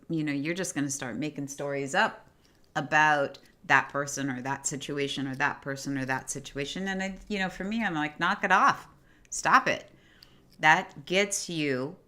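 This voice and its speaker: A woman hosting a casual livestream, reading viewer comments aloud and answering them in an encouraging, effusive way. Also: deep voice. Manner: warm and effusive. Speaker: livestream host.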